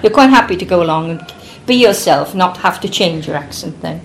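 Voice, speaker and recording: A woman's voice: on the low side, animated, fairly quick, vocal fry, slight background noise. A woman interviewing a small group, asking probing questions and often restarting them mid-sentence.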